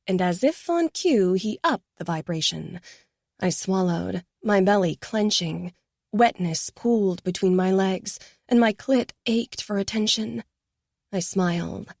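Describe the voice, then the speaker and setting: A woman narrating a first-person romance audiobook in a soft, intimate manner. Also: medium pitch, expressive, a little slow, no room sound, studio quality. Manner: soft, intimate, hushed at times.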